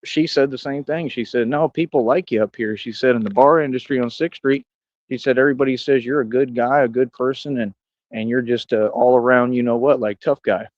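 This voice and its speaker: A man's voice: medium pitch, steady tone, fairly quick, no echo, highs cut off. A man streaming a rambling monologue, boastful and confrontational, full of street slang and tough talk. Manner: coos softly at a cat.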